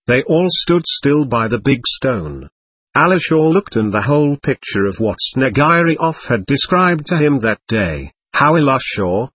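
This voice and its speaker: A man narrating a novel as an audiobook, reading in an expressive, lively way. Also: mid-range voice, husky, no echo.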